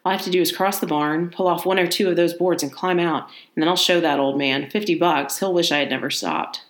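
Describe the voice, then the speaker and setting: A woman storyteller plays a jumpy young man, uneasy at first and then loud and defiant, pitched a little higher than her narration. Her voice rings in an echoey room. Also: brisk, close to an everyday voice. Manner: uneasy, then frantic shouting. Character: nervous young man trapped in a barn.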